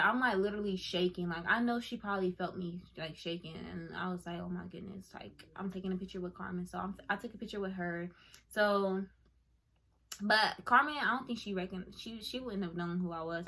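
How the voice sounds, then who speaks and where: A young woman gushing as she tells a casual story to her viewers, full of "like" and "oh my goodness". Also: mid-range voice. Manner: excitable, gushing, lots of fillers like "like" and "oh my goodness". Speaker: YouTuber telling a story. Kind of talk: casual story time to camera.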